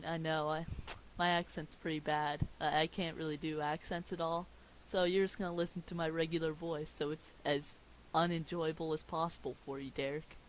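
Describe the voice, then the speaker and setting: A woman's voice: low voice, a little hiss or hum, low-quality recording. A woman reading a script aloud at home, joking at her own expense in a casual, sarcastic way. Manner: sarcastic, self-mocking asides. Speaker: script reader.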